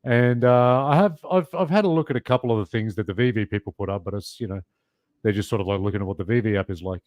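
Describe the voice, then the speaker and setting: A man in casual chat, relaxed and easygoing, chiming in with his own views. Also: on the low side, fast talker, dry recording, studio quality.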